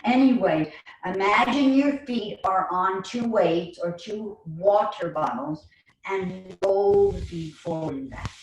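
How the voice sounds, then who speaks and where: A woman with a New York accent leading a guided chair yoga class online, giving slow, soothing cues with playful asides. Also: mid-range voice, sing-song. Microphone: online video call. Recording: roomy, distant mic, faint noise.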